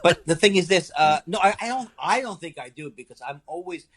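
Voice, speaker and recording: A middle-aged man, a comedian guest, chatting in an interview with animated, stammering, self-deprecating asides. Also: sits high, brisk. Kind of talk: casual interview chat.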